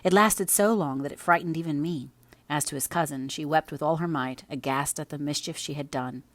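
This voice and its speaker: A woman narrating a classic novel as an audiobook reader, in measured storytelling. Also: sits low, no echo.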